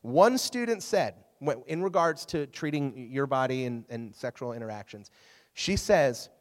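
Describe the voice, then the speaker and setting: A man preaching to a youth group, casual and animated, often asking the audience questions. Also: mid-range voice, unhurried, long reverb tail. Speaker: youth pastor. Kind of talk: youth sermon.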